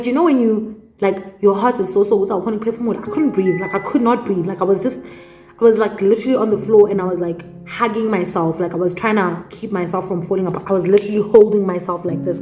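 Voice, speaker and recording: A woman's voice: medium pitch, dark tone, reverberant. A young South African woman with a South African accent, telling a personal story in a casual vlog, chatty and full of fillers, slipping into Zulu phrases. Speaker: YouTuber.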